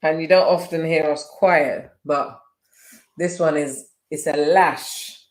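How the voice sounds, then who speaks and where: A man's voice: a little high, fairly even intonation, takes it slowly. Chatty London man in an echoey room. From England. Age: 40s. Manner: chatty, laughing, repeats phrases. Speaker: co-host. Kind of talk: casual chat on a live stream.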